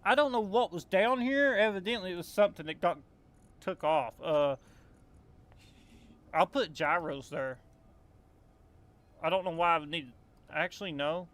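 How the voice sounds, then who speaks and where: A man's voice: high-pitched, a little slow, pauses often, a bit bright. A young man from Kentucky with a Southern accent, chatting casually while streaming a game, rambling with lots of fillers. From Appalachian Kentucky, US. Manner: rambling, filler-heavy, drawling. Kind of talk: casual gameplay chat.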